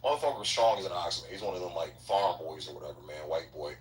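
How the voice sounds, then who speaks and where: A man with a very deep, low voice tells profane boot camp stories in a loose, drawling podcast chat. He sounds a bit distant from the mic, in an echoey room with a faint hum behind him. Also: fast talker. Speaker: former Marine recruit telling stories. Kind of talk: casual podcast chat, crude storytelling.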